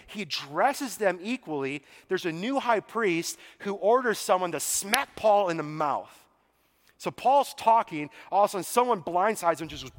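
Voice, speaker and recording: High-voiced pastor preaching in a reverberant hall. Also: male voice, normal speed. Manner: casual and animated, acting out the scenes he retells. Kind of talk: sermon.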